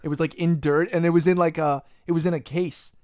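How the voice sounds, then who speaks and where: A young man hosting a podcast, animated and profane, ranting in casual chat. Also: a little high, fairly quick, no echo, clean studio sound. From Long Island, New York. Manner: profane, animated ranting, says "bro" a lot. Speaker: podcast host.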